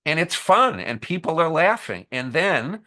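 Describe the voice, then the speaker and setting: A man's voice: on the high side, measured pace. A man guesting on a podcast, telling a training story with energy and acting out the lines people say. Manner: lively storyteller, acts out scenes with quoted lines. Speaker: podcast guest, camp staff trainer and author. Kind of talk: conversational interview.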